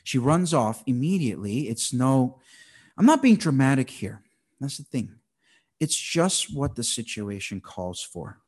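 A man in his thirties preaching a conversational, animated sermon as a pastor, teaching through a Bible passage. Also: mid-range voice, unhurried, breathy edge.

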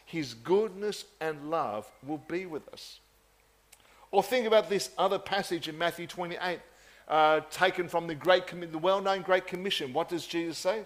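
A man preaching a sermon in an earnest, measured way, often repeating phrases for emphasis. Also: high voice.

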